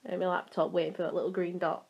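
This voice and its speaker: A woman's voice: lowish voice, little pitch movement, vocal fry, breathy edge, muffled recording. A young woman with a Yorkshire accent talks casually as a podcast co-host. She teases her friend, keeps the talk moving and often jumps in mid-sentence. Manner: teasing, talkative, quick to interrupt. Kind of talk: casual chat.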